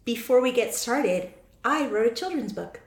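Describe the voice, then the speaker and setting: A woman's voice: fairly high pitch, animated, moderate pace. Playful woman on a podcast, echoey. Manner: playful, self-mocking. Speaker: podcast co-host. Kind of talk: casual chat. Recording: roomy echo.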